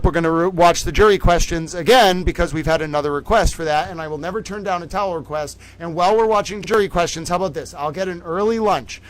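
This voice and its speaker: This livestream host's voice sits high, and the recording is rough. He chats with his viewers in an animated way, hamming it up like a playful, theatrical showman.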